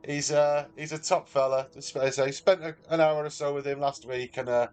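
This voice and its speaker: A man's voice: fairly high pitch, steady tone, moderate pace, darkish tone, clear, resonant tone. Chatty Mancunian man live-streaming. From Manchester, England. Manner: chatty, matey, reads out viewers' messages. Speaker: livestreamer. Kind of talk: casual live-stream chat.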